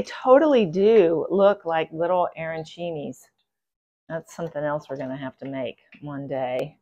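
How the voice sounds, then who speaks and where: A woman's voice: sits low, normal speed, dark tone. Chatty woman hosting a cooking video. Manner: chatty, enthusiastic, gushing over food. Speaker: cooking channel host. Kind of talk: casual cooking video chat.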